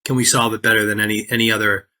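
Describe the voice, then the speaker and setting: Bright-voiced effusive male podcast host. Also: fairly low pitch, flat delivery, rapid-fire. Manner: effusive, emphatic, repeats phrases. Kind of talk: casual podcast interview.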